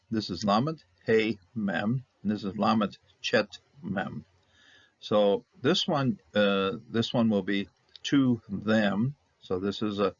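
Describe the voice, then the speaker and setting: A man teaching a recorded lesson in a relaxed, halting way, with many fillers and restarts. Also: lowish voice, no echo. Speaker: Hebrew teacher. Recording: dull lo-fi dry recording.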